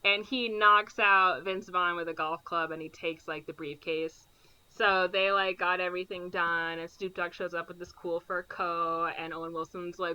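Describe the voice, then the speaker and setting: Podcast co-host, woman, bright crisp voice, animated, filler-heavy plot recap, slightly dull recording. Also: fairly low pitch, moderate pace. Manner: animated retelling with frequent fillers and quoted impressions. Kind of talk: casual movie recap.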